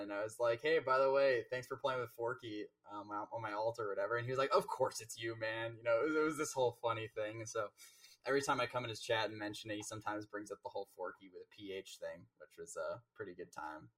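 A man's voice: lowish voice, steady tone, fast talker, a bit bright, recorded from a distance. A man, a game coach, chatting casually as a guest and rambling through stories with many fillers and restarts. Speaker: Rocket League coach and guest. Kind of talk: casual interview chat.

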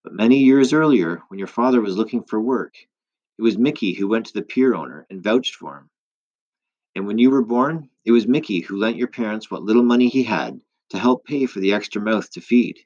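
A man voicing a calm wise old woman. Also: on the low side, highs cut off. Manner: calm, measured explaining.

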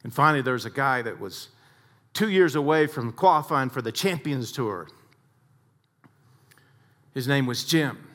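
A man telling stories dramatically in a talk with a faith message, swinging between loud and hushed. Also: mid-range voice. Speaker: speaker, sports psychologist.

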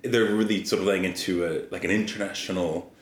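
A man's voice: deep voice, fairly even intonation, fairly quick, slight background noise. A man from the United States co-hosting a podcast, chatting casually and laughing often. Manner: giggly, jumps into mock voices. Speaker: podcast co-host. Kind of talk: casual chat. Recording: echoey room.

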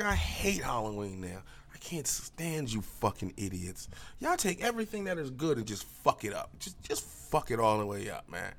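A man hosting a podcast, ranting casually and profanely with sudden jumps up in pitch. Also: fairly bright tone, slight background noise. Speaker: podcast host. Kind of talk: casual solo rant.

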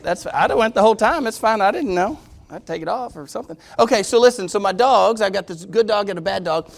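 A man preaching a sermon, telling a funny story and then reading scripture slowly and with emphasis. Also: sits high. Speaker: pastor.

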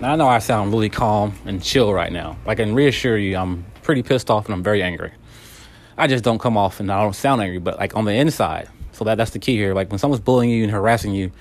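Calm, earnest man with a lowish voice. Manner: calm and earnest, many repeated words and restarts. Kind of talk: candid self-help monologue.

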